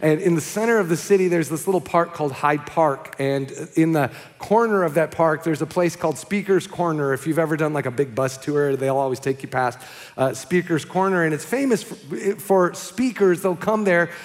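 A man's voice: fairly high pitch, normal speed. A man preaching a sermon as pastor, casual and storytelling, often checking in with the crowd. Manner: conversational, storytelling with frequent "okay?" checks. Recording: long reverb of a large hall.

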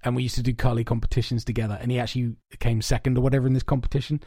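A man's voice: mid-range voice, very fast, dry recording. Rambling, sweary man telling stories. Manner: rambling, animated storytelling, swears a lot. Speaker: podcast co-host. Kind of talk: casual podcast chat. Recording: dry, soundproofed home room.

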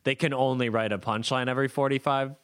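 A man talking casually about comedy with other comics, chiming in quickly. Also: medium pitch, fairly even intonation, a bit bright, clear, resonant tone, dry recording, clean studio sound. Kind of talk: casual chat.

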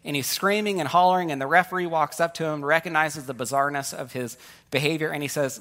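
A man's voice: fairly high pitch, fairly even intonation, fast, bright, forceful tone. A man preaching a sermon as pastor, talking in a conversational, joking way and telling stories to make his point.

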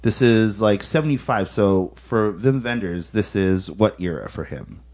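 A man's voice: fairly low pitch, expressive, measured pace, darkish tone. Playful podcast guy rambling, voice bouncing all over. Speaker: podcast co-host. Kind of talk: casual film podcast chat.

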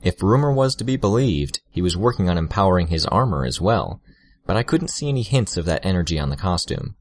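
A man narrating an audiobook in a steady first-person storytelling manner, on a close studio mic. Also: deep voice, brisk.

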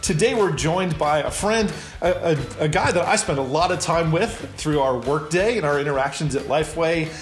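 A man's voice: on the high side, moderate pace, hardly any pauses, faint music behind. A middle-aged man hosting a casual podcast interview, upbeat and chatty, teasing his guest. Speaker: podcast host. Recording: roomy echo.

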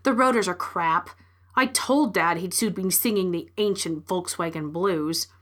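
A woman's voice: fairly low pitch, measured pace, a bit bright, pitched below the performer's own voice. A woman voicing a bored teenage girl who mutters her words. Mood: sullen.

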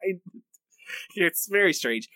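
A man co-hosting a podcast, talking in a rambling, halting way with frequent laughs. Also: high-pitched, lively intonation, bright, forceful tone, dry recording, clean studio sound. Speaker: podcast co-host. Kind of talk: casual chat.

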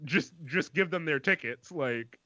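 A man's voice: a little high, measured pace, dry recording. A man co-hosting a podcast, telling a story in casual chat, swearing a lot and acting out the people he quotes. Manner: profane, animated, acts out quoted people. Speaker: podcast co-host. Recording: dull lo-fi sound.

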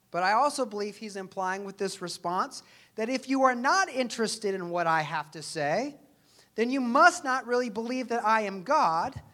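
A pastor delivers a sermon in a casual, sincere, earnest way, keeping it conversational and posing rhetorical questions to the congregation. The voice is mid-range and a bit bright.

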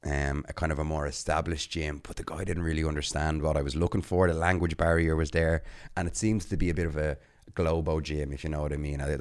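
A man with a very deep voice co-hosts a relaxed podcast. He tells his stories in a chatty way and laughs often as he talks. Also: gravelly. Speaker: podcast co-host. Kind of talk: casual podcast chat.

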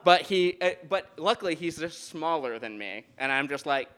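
A man tells a rambling, animated story live on stage, backing up and restarting as he goes. His voice sits a little high and sounds smooth and resonant. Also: moderate pace. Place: live show at a beer garden venue.

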